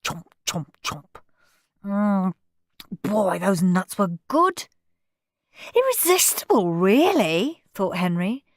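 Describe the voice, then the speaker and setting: A woman narrating a children's audiobook in an expressive storybook manner. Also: fairly low pitch, dry recording, studio quality. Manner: expressive, unhurried.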